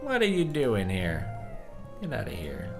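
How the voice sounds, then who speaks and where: A man's voice: lowish voice, huge pitch swings, a little slow, creaky, music in the background. A man giving casual, joking commentary while playing a video game at his computer desk, laughing often. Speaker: let's-play host. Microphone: desk microphone at a computer.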